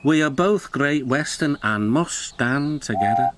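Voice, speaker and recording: A man's voice: mid-range voice, lively intonation, a little slow, very noisy, close to an everyday voice. A man voicing a loyal, polite male brake van in a storybook, formal and respectful.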